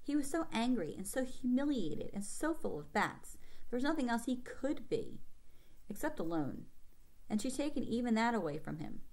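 A woman's voice: on the high side, very animated, normal speed, darkish tone. A woman reading a children's novel aloud with commentary, asking her young listeners questions like a teacher.

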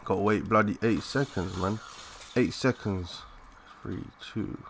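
A young man giving live, excitable commentary over a shooter game, swearing and chatting in slang. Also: on the low side, unhurried, creaky, a little hiss or hum. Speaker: gaming commentator.

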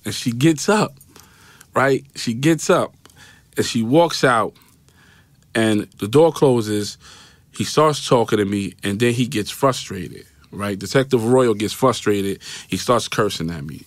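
A man with a New York accent and a voice on the low side speaks a little slowly as he tells a personal story during a podcast interview. His telling is loose and repetitive, with acted-out quoted voices and a habit of saying "right?". The studio mic recording sounds dry.

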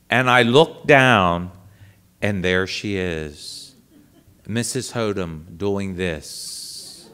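A man, a priest and guest speaker, telling personal anecdotes to an audience in an animated way. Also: mid-range voice, clean tone. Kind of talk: storytelling talk to an audience.

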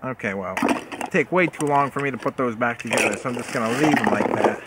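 A young man with a medium-pitched voice talks fast while unboxing a subscription box for a casual vlog, rambling, cracking jokes, and frequently correcting himself. Heavy background noise is present.

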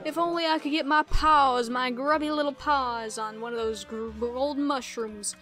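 A boastful older tomcat chef, played by a woman, with a folksy Southern drawl. He talks big and loves a dramatic flourish. The voice sits high for a man's part. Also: steady tone, normal speed, sharp tone, soft background music. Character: proud older male cat-like chef. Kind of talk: reading game dialogue aloud.

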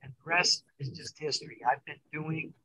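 Speaking at normal speed over poor audio, an older man with a slightly high voice recounts his life as a video-call guest. His storytelling is casual and lively, and he performs the quoted lines with stammered repetitions.

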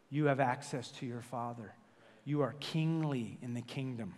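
A man preaching a sermon as senior pastor, joking and telling stories with quick self-corrections, in a church sanctuary. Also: mid-range voice, big-room sound. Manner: jokey, animated storytelling with self-corrections.

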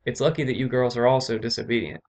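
A man's voice: mid-range voice, fast, a little mellow, close to an everyday voice. A man voicing a stern, commanding noble father who is an earl, speaking firmly with a raised voice.

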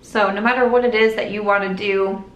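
A woman's voice: mid-range voice, fairly even intonation, a little fast, lo-fi sound, a little hiss or hum. A young woman chatting while she does her makeup in a get-ready-with-me vlog, rambling and earnest, with lots of "like" and restarts. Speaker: beauty vlogger. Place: at home doing makeup. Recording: echoey room.

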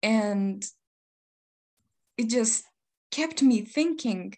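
A woman's voice: on the high side, expressive, extremely slow, darkish tone. A young woman from Afghanistan, giving an earnest, impassioned personal testimony over a video call. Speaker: youth community founder. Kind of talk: personal testimony at an online panel.

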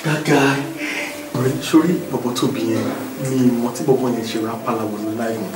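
A man's voice: mid-range voice, fast, over music, close to an everyday voice. A man with a Yoruba Nigerian accent acting a remorseful husband who begs his wife's forgiveness, switching between Yoruba and English. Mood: pleading. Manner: pleading, apologetic, mixing Yoruba and English. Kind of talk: Nollywood film acting. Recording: echoey room, distant mic, background noise.

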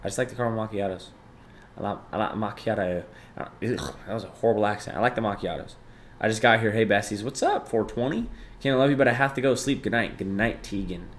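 A young man hosting a live stream, reading chat aloud and thanking viewers, jumping between loud bursts of excitement and low mumbled asides. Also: quick pace, a little hiss or hum. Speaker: livestreamer.

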